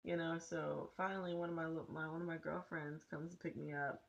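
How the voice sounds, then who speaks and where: Low-voiced young woman telling a blunt story. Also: brisk, creaky, dull audio. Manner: animated, blunt, profane storytelling. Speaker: vlogger. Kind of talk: casual storytime.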